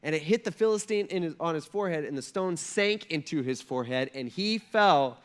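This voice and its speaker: A man's voice: fairly high pitch, expressive, fairly quick, clean tone. A male pastor preaching a sermon, telling a story with energy and acting out the characters' lines in casual speech.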